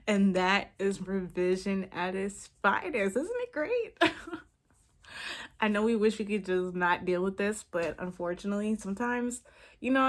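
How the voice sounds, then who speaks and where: A woman talking to camera as a manifestation coach, frank and emphatic, swearing freely and checking in with the listener again and again. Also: medium pitch. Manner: emphatic, keeps checking in with "okay?". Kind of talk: impromptu casual vlog talk.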